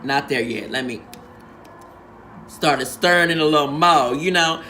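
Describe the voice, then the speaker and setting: A man's voice: on the high side, a little slow, sharp tone, slight background noise. A man hosting a casual recap, talking with sassy, profane drag slang and acting out quotes in changed voices. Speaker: reality show recap host.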